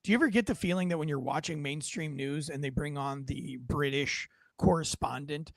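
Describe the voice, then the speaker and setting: Gravelly high-voiced joking man. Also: a little fast, no echo. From United States. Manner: joking, rambling, self-deprecating. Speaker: podcast host. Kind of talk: casual chat.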